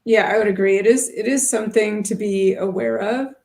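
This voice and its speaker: A middle-aged woman chatting casually as co-host of a teaching livestream. Her voice sits at a middle pitch with a gravelly fry, and she talks in loose, meandering sentences full of fillers. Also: brisk, a little mellow. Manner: chatty, thinks aloud with many fillers.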